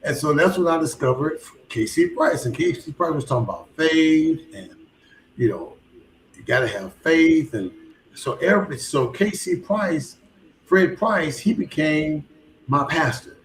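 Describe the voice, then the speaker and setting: A man's voice: a little high, expressive, a little slow. A man telling his life story as a guest, animatedly acting out both sides of conversations. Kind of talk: casual spoken storytelling. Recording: roomy echo with faint background hum.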